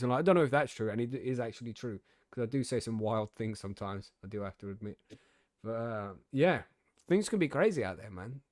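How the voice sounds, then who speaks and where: A young podcast host from the UK, loose and loud-mouthed, swearing and laughing as he tells stories and reads the news. His voice sits at an ordinary male pitch, recorded dry and close with no room sound. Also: dry recording. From United Kingdom. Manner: swearing, laughing, gobby storytelling. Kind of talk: casual chat, reading news aloud.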